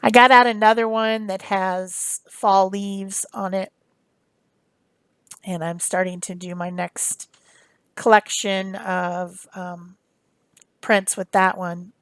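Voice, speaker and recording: A woman's voice: mid-range voice, fairly even intonation, takes it slowly, long pauses, a bit bright, no echo. A woman talking through a craft demonstration in a casual, rambling way, with many fillers and restarts. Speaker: craft tutorial host.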